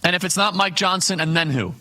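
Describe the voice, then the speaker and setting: A man hosting a live political talk show, speaking in a bright, forceful voice that sits a little higher than most. He builds his points through rhetorical questions and punchy lists, hitting each one hard. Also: a little fast.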